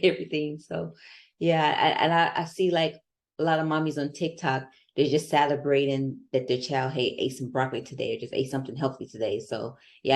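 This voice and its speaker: Woman, low voice, podcast host, conversational, relatable. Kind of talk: casual podcast interview.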